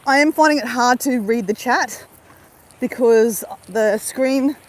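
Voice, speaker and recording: A woman's voice: a little high, a little slow, rough recording. An Australian woman chatting casually to viewers on a phone while she walks along a beach. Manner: chatty, laughing, talks straight to viewers. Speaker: YouTuber doing a live stream. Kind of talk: casual chat while walking. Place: outdoors on a beach. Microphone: phone at arm's length.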